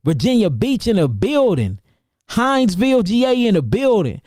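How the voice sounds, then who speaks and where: A high-pitched man from St. Louis hypes up his livestream viewers with rapid, repetitive shout-outs. He is an herbalist promoting his seminars, talking in loose slang. His voice is close and dry, with no room sound. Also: dry recording. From St. Louis, Missouri, USA. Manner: energetic, repetitive, slangy hype.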